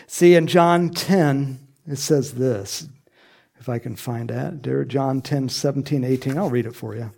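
A man preaching a sermon in a lively way, acting out quoted voices and laughing often. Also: mid-range voice, slow, creaky. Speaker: pastor.

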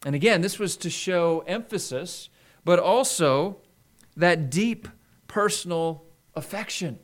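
A middle-aged man preaching a sermon in an earnest way, slowing down for emphasis. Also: high-pitched, lively intonation. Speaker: pastor.

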